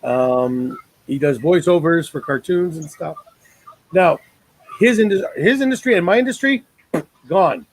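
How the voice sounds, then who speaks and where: A man's voice: fairly high pitch, unhurried, low-quality recording. Rambling man hosting a web show. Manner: rambling, joking, many fillers. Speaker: talk show host. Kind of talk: casual online talk show chat. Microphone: video call.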